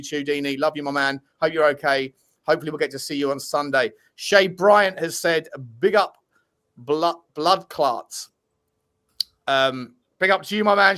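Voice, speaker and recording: A man hosting a casual fan podcast, cheerfully reading out and thanking super chat donors. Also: fairly high pitch. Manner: upbeat, shouting out donors, chatty with restarts. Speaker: host reading super chats.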